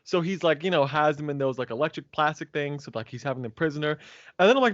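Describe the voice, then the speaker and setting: A man's voice: a little high, animated, quick pace, no echo, muffled recording. A man co-hosting a podcast in casual chat, who laughs often and acts out quotes as he talks. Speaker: podcast co-host.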